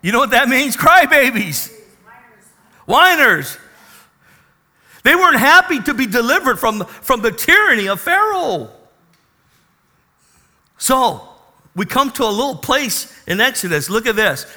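A man preaching a sermon, animated, reading scripture and then dropping to a soft, intimate tone. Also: extremely high pitch, a little slow, long pauses. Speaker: pastor.

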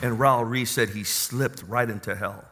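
A male pastor preaching a sermon who swings from quiet storytelling to loud, joyful exclamations. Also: medium pitch, fairly even intonation, moderate pace, big-room sound.

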